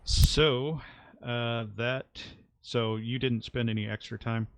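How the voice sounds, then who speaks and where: A man narrating as game master of a tabletop game, halting and full of uhs. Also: medium pitch, fairly even intonation, clear, resonant tone, no room sound.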